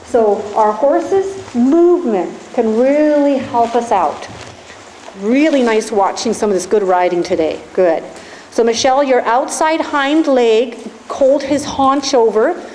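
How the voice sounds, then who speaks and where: A woman with a fairly high voice coaches riders live, giving steady directions and encouragement. She is recorded in an echoey indoor arena with faint background noise. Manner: encouraging, directive, talks through instructions. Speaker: riding instructor. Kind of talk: live coaching during a riding lesson.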